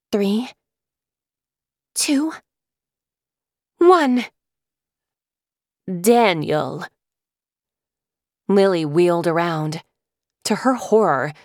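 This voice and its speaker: Low-voiced woman reading a storybook. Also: no room sound, studio quality. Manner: measured, vivid storytelling. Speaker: audiobook narrator. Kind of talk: scripted narration.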